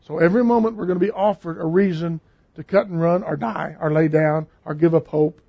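A man's voice: fairly high pitch, fairly quick, gravelly, husky. A man preaching a sermon in a conversational, emphatic way, repeating phrases for stress. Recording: dull lo-fi recording.

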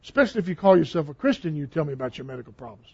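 A man's voice: fairly high pitch, animated, racing, gravelly, darkish tone, husky. A man preaching a sermon in a conversational, emphatic way, repeating phrases for stress. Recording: dull lo-fi recording.

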